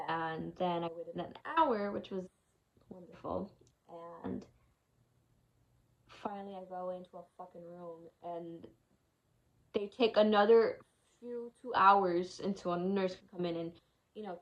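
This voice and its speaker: A woman's voice: mid-range voice, muffled recording. A young woman telling a personal story in a casual vlog, frank and frustrated, swearing freely as she recounts it. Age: young adult. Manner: candid, emotional retelling with frequent swearing; frustrated, exasperated tone. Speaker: vlogger.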